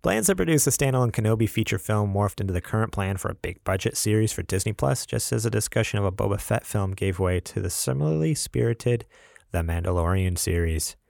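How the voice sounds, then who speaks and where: A man's voice: fairly low pitch, expressive, brisk, creaky, a little mellow, no echo, clean studio sound. A young man co-hosting a podcast in casual chat, rambling with lots of fillers. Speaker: podcast co-host.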